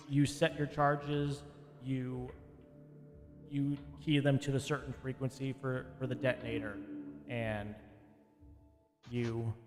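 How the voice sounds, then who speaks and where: A man narrates a tabletop game as game master in a relaxed, conversational way. His voice sits at a middle pitch. The sound carries long reverb with faint music underneath.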